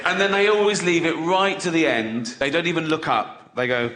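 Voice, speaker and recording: A man's voice: on the high side, moderate pace, a bit bright, roomy sound, a little hiss or hum. A man, performing a crude stand-up routine and laughing through his own punchlines. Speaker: stand-up comedian.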